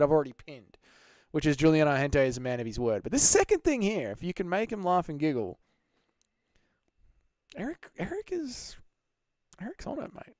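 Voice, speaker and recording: A man's voice: on the high side, dry recording. A young Australian man hosting a casual live Q&A, reading out chat and joking crudely with lots of swearing. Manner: crude, joking, swears a lot, laughs often. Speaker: livestream host.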